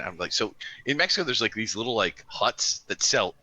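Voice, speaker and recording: A man's voice: fairly low pitch, expressive, brisk, pushed and bright, no echo, rough recording. A middle-aged man joking crudely and mocking himself in casual podcast chat. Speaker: podcast co-host.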